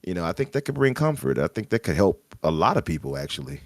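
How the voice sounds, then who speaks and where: A man's voice: low-pitched, sing-song, fast talker, darkish tone, dry recording, studio quality. A man with a Chicago accent, chatting on a gaming podcast and musing aloud about chat comments, hesitant and thoughtful.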